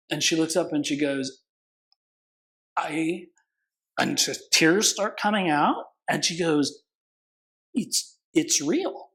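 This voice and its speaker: Animated male attorney telling stories. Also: fairly high pitch, slow, long pauses, rough recording. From California. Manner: animated, acts out quoted voices, swears casually. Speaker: consumer protection attorney, guest. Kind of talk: casual interview storytelling.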